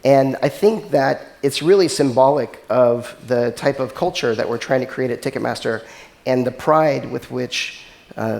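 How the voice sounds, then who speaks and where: A man speaking at a mid pitch, giving a conference keynote as a technology executive. His delivery is casual and conversational, dotted with filler words. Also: creaky, darkish tone. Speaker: chief technology officer giving a conference talk.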